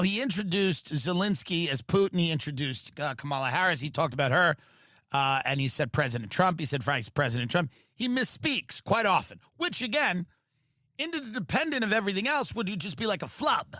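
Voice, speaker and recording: A male podcast host riffing through a profane, animated comedic rant. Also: high-pitched, normal speed, no echo, clean studio sound.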